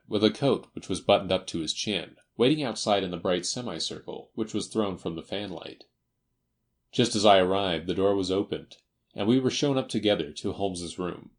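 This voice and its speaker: A man narrating a classic novel as an audiobook, in an even, measured reading. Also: deep voice. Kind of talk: scripted narration.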